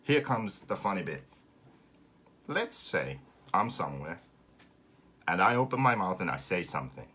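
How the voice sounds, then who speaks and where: A man's voice: deep voice, normal speed, pauses often, slightly rough. A man from Finland with a Finnish accent, hosting a casual live stream and ranting sarcastically with plenty of swearing. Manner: sarcastic, swearing, animated rant.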